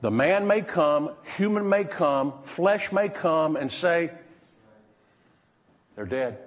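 A man preaching a sermon as pastor, pausing dramatically and dropping to a hush when he quotes someone. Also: fairly high pitch, animated, long reverb tail, lo-fi sound.

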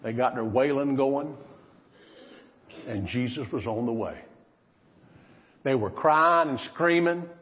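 A man preaching with a lively, rising and falling delivery, dropping to near-whispers for emphasis. The sound is slightly dull and lo-fi, with a long reverb tail from a big hall. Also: medium pitch, slow pace, long pauses. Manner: dramatic preaching, swinging from loud to hushed. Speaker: pastor. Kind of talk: sermon.

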